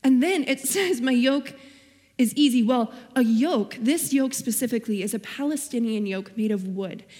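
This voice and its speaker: In a large hall, a young woman gives a guest sermon, telling her own experiences earnestly and citing scripture along the way. She speaks in a fairly high voice with a dark tone.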